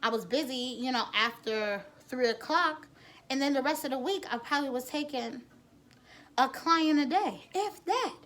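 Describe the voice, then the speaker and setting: A woman's voice: sits high, lively intonation, moderate pace, fairly bright tone. Frank young New woman. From the Bronx, New York. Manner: blunt and frank, with frequent cursing and rambling restarts. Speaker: nail technician. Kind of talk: candid personal storytelling.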